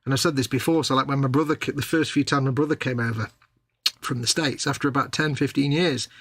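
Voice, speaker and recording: Speaking fast in a medium-pitched, steady and fairly bright voice, a man co-hosts a live model-making stream with no echo. His casual chat rambles, he frequently starts over, and he reads chat comments aloud.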